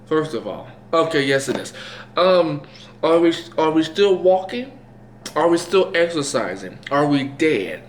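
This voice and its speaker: A man's voice: fairly high pitch, sing-song, a little slow, a little hiss or hum. A young man vlogging while he eats, rambling and self-mocking, woozy after having his eyes dilated. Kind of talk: rambling casual chat to camera. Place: indoors at home, eating. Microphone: camera mic. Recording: roomy echo, faint clatter of dishes.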